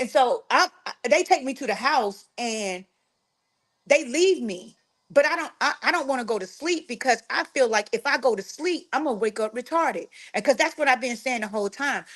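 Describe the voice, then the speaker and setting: A woman, telling a personal story to her followers in an animated, frank way, full of slang and cursing. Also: fairly high pitch.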